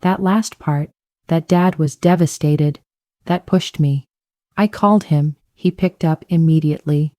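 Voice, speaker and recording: A woman's voice: deep voice, fairly even intonation, unhurried, dark tone, no room sound, clean studio sound. A woman narrating a first-person family drama story with emotional storytelling.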